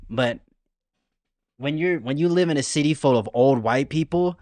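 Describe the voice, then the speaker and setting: A man's voice: fairly high pitch, moderate pace, a little mellow, no echo. A man from California giving casual, rambling reaction commentary who swears freely. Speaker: reaction streamer.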